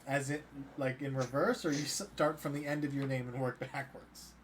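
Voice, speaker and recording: A man's voice: medium pitch, fairly even intonation, normal speed. A man running a tabletop game as dungeon master, narrating loosely with many fillers and restarts. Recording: faint background noise.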